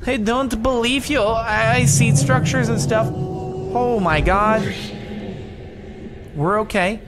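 A man reacting to gameplay with drawn-out gasps and exclamations. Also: extremely high pitch. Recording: noisy background.

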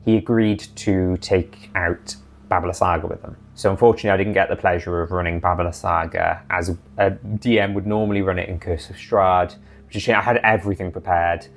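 Man, deep voice, dungeon master, chatty campaign recap. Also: fairly even intonation, a little fast, gravelly.

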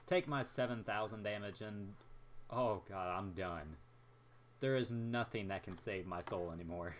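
A young man casually commentating his own naval battle game, excitable and jokey, talking to himself as he plays. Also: fairly low pitch, a little slow, a little hiss or hum. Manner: excitable, jokey, talks to himself while playing. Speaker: gameplay commentator.

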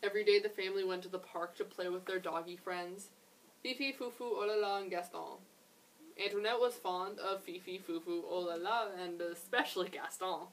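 A young woman, a children's librarian, reading a picture book aloud in a gentle, expressive way with chatty asides. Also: on the low side, normal speed, distant mic, a little hiss or hum, low-quality recording.

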